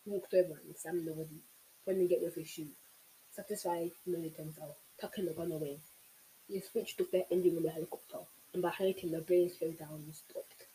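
A host reading a novel aloud in steady narration, with small slips now and then. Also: medium pitch, a little fast, slight background noise, low-quality recording. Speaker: audiobook reader, channel host.

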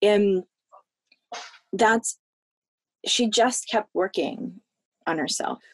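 Podcast guest, woman from the American South. Heartfelt, halting storytelling, dry close mic. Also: medium pitch, no echo. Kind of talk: personal storytelling in a podcast interview.

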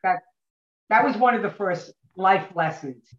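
A woman actress, a podcast guest, telling stories in an animated way and acting out what people said. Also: mid-range voice, unhurried. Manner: animated, acts out quoted voices. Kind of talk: anecdotal podcast storytelling. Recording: dull, roomy recording.

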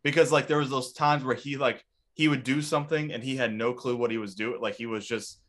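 A man with a mid-pitched, everyday voice, chatting casually and crudely. He rambles, trips over his words and restarts his sentences as he works out his thoughts. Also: steady tone, a little fast, a bit bright.

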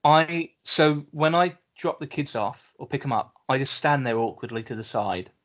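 A man's voice: mid-range voice, lively intonation, moderate pace. A British man co-hosting a podcast in a casual chat, dry and wry, swearing casually. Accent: British English. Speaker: podcast co-host. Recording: dull lo-fi sound.

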